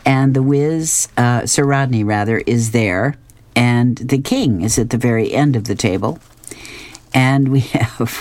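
Very deep, slow-reading woman. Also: a little mellow. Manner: chatty, amused asides while describing panels. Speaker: reader of newspaper comics. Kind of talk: reading comic strips aloud.

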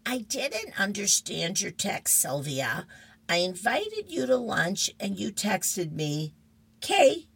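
Theatrical wounded mother, a woman reading, raised pitch. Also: sing-song, takes it slowly, vocal fry, slightly rough, heavily acted. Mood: aggrieved. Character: fussy older mother, wounded and dramatic.

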